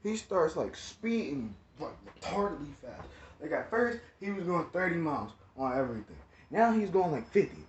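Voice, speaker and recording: A young man tells a rambling story, leaning hard on slang and fillers. His voice sits a little high. The recording is echoey, dull and lo-fi, with a faint hiss behind. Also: big pitch swings, moderate pace, hardly any pauses. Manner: slangy, rambling, full of "like" and "you know what I'm saying". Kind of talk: casual storytime. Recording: echoey room, dull lo-fi sound, faint noise.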